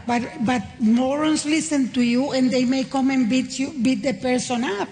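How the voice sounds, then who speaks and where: A woman's voice: high voice, fairly even intonation, normal speed, few pauses, darkish tone. A woman comedian on a live panel, speaking hesitantly and searching for her words. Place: large hall with a live audience. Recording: long hall reverb.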